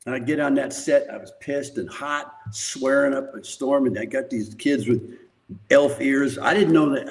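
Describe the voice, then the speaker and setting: Older male guest, mid-pitch, rambling profane storyteller who laughs a lot. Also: darkish tone, low-quality recording. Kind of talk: casual storytelling.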